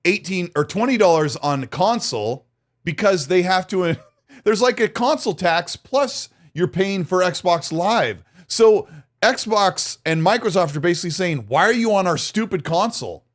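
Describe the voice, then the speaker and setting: A man co-hosting a gaming podcast in casual chat, lively, with stammering restarts and quick laughs. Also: sits high. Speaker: podcast co-host.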